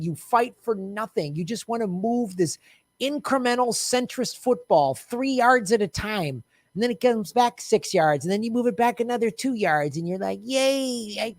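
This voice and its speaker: A political commentator delivers a ranting monologue, his fairly high voice raised in frustration and tinged with sarcasm. The recording is dry and studio quality.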